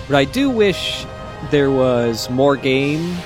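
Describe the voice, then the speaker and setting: A man's voice: mid-range voice, big pitch swings, slow. A man giving casual, rambling commentary while playing a video game. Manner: chatty, rambling with many fillers. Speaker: let's play commentator. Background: game music.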